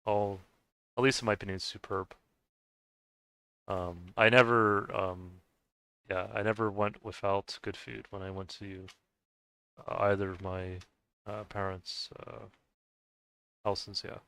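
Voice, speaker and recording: A man's voice: on the low side, level tone, a little slow, gravelly, long pauses, bright, forceful tone. A man chatting casually while he plays a game, hesitant, with many filler sounds and restarts. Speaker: gaming video host.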